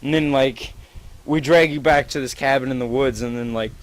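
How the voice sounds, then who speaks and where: A man with a voice of ordinary middle pitch tells a friend a made-up, gleefully disgusting tale. He rambles on, swearing freely and filling gaps with "like" as he invents the next turn. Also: moderate pace, poor audio. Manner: rambling, profane, gleefully gross, many "like"s. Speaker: storyteller among friends. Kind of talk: improvised absurd story to a friend.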